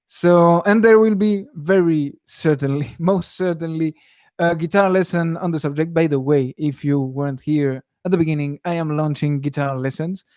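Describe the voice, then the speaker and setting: A young man talks loosely through a live Q&A about guitar, wandering off mid-sentence and chuckling as he goes. His voice sits a little high for a man, and the sound is close and dry with no room around it. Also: moderate pace, darkish tone, no echo. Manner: rambling, self-interrupting, chuckles often. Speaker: guitar teacher. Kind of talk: casual live stream Q&A.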